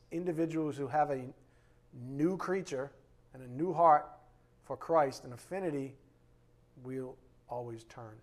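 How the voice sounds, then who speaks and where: A Bible teacher whose darkish voice sits a touch higher than most men's leads a loose, informal lesson. As he works through the passage, he keeps turning to his listeners with a quick "right?"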